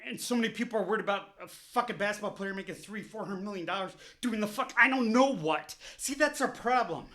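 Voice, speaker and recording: A man's voice: sits high, fast talker, pushed and bright. A man delivering an angry, profanity-laced political rant on his vlog, heated and repetitive, openly furious. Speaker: vlogger.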